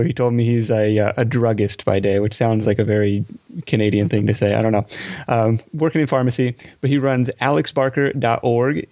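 A man's voice: medium pitch, a little mellow, dry recording, muffled recording. A man hosting a podcast in casual chat, talking in a chatty, self-deprecating way with plenty of fillers. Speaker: podcast host.

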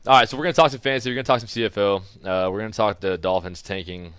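A very deep-voiced man hosts a sports radio show from the studio. He is loose and chatty and laughs often. He talks like a football player among friends. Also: racing, a bit bright, smooth, no room sound. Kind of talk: casual sports radio chat.

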